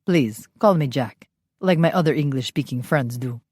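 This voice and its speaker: A woman reads as a charming male vampire, heaping gallant praise in a low voice. The audiobook read is close and dry, with no room around it. He is effusive and unhurried. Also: a little mellow, dry recording. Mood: flirtatious.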